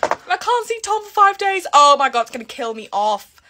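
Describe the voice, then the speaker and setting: Young british girl doing a grwm vlog, high bright voice, dramatic and chatty, faint hiss behind. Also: very animated, normal speed. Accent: British English.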